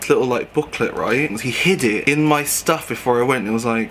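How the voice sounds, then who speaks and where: A man's voice: mid-range voice, steady tone, fast talker, few pauses, a bit bright, slight background noise. A young man and drag performer chatting casually and campily while doing a makeup tutorial, laughing often as he gossips.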